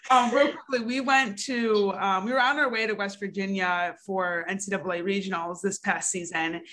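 A woman's voice: medium pitch, steady tone, moderate pace, fairly bright tone. A young woman hosting a casual chat, giggly and chatty, using plenty of slang. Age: young adult. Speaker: podcast host, college gymnast.

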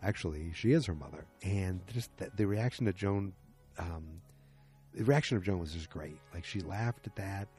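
A man's voice: sits low, moderate pace, dark tone, breathy edge, faint music behind. A man casually recapping a TV episode, rambling loosely with lots of fillers and quoted lines.

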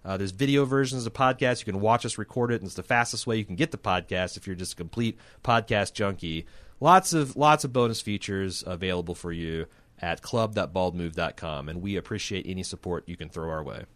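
Low-voiced man hosting a podcast. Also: brisk, a bit bright, no echo. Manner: rambling, frequent restarts, reads ad casually. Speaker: podcast host. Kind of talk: casual TV recap chat.

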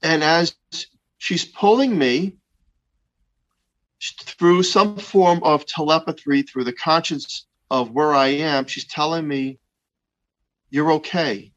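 A man in his fifties slowly and earnestly recounting a personal experience, with frequent pauses and restarts. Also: on the high side, a bit bright, dull audio. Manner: slow, halting, earnest retelling with many restarts. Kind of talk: personal testimony of a near-death experience.

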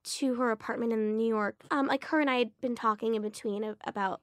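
A chatty young woman talks about her work in a loose, gushing way, her voice sitting a little high. The sound is close and dry, with no room around it. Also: steady tone, brisk, no echo. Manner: chatty, gushing, many fillers and likes. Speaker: actress guest. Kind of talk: casual interview chat.

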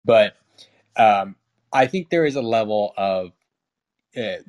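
A man's voice: fairly low pitch, lively intonation, slow, darkish tone. A young man in casual conversation, rambling with restarts and fillers, frank and swearing casually. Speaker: guest.

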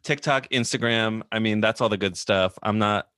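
A man chatting as a podcast guest, lively and self-deprecating, laughing between thoughts. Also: fairly low pitch, moderate pace, smooth, no echo, studio quality. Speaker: podcast guest, social media creator. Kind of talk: casual chat.

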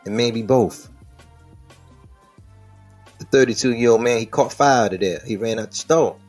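A man's voice: mid-range voice, unhurried, a little mellow, soft background music. A man hosting a podcast, talking through the news in casual, slangy, profane commentary. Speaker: podcast host.

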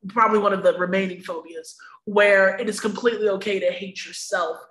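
A woman's voice: mid-range voice, fairly even intonation, fairly quick, fairly bright tone, echoey room, poor audio. A woman guest on a podcast, talking candidly and emphatically, laughing often and swearing freely. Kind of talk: candid conversational interview.

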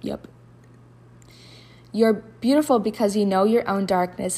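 A woman's voice: medium pitch, a little slow, pauses often, dark tone. A woman hosting a podcast, telling a candid personal story full of "like" fillers and reading poems aloud, sometimes dropping to a whisper. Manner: emotional, confessional, with frequent filler "like". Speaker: podcast host.

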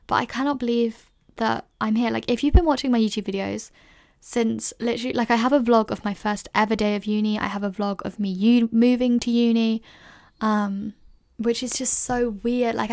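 Young woman podcaster, early twenties, a bit high-pitched with gravelly fry, chatty and rambling. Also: steady tone, fairly quick, a little mellow. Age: early 20s. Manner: chatty, rambling, heavy use of "like", self-conscious laughs. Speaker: podcast host. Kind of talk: casual solo Q&A podcast chat.

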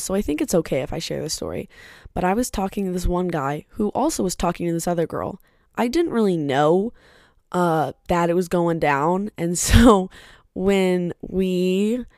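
Young woman, podcast host, casual rambling monologue, blunt and candid, low gravelly voice, dry close sound. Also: a little mellow, dry recording. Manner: candid and blunt, with frequent swearing; chatty and rambling, with side remarks.

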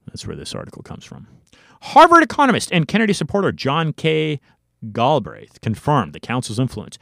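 A man's voice: medium pitch, wildly swooping pitch, a little fast, gravelly, fairly bright tone, no echo, studio quality. An American man hosting his own commentary show, reading from an article with emphatic asides and stumbles. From United States. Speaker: political commentary show host.

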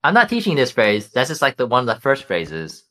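Man, mid-pitched voice, lively intonation, playful, joking, casual podcast chat. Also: fairly quick. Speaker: podcast co-host.

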